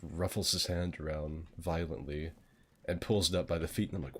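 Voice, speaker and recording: A man's voice: low voice, steady tone, normal speed, slight background noise. A man in casual chat, rambling through a story with lots of filler words and laughing mid-sentence.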